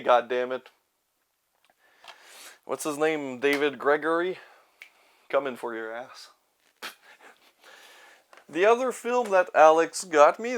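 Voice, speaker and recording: A young man chatting casually about his collection, rambling and sarcastic, swearing now and then. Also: mid-range voice. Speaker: YouTuber reviewing his movie collection. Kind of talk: casual chat.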